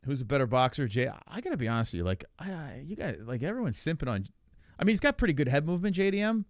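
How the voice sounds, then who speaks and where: A man co-hosting a casual podcast, talking in an animated, profane and rambling way. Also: on the high side, fast, dry recording, studio quality. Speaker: podcast co-host. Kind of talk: casual chat about fights.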